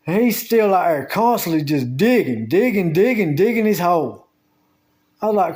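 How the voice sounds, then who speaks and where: This vlogger rambles casually about his day from home, the door left open. His high-pitched, slightly mellow voice swings widely in pitch as he tells the story in a slow, drawling, meandering way with Southern US grammar.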